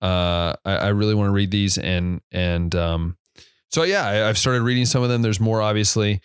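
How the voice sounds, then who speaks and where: A man's voice: fairly low pitch, moderate pace, clean tone, no echo, clean studio sound. A young man hosting a podcast, talking casually and reflectively, rambling and correcting himself with many fillers, and a bit drowsy from yawning. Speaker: podcast host.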